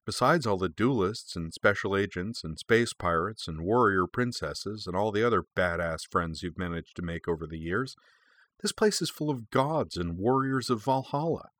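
A man's voice: fairly low pitch, lively intonation, normal speed, fairly bright tone, dry recording. A man voicing a shrewd, level-headed woman friend who talks in a matter-of-fact way. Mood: reasoning.

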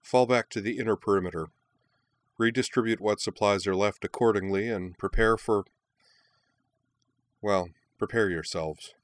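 A weary, tough colonel in her late sixties, as a man reads her out in a storybook. Her words come low, quiet and clipped, in a very deep voice. The recording is dry and close. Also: moderate pace, long pauses, dry recording, natural voice. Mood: commanding. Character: weary tough older woman colonel, calm.

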